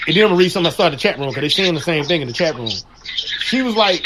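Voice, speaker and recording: A man with a high voice hosting a loose talk show. His pitch leaps all over as he tells crude, slangy stories and laughs often. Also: racing, very noisy. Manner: animated storytelling, frequent laughter, crude slang. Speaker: radio show host. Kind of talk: casual chat.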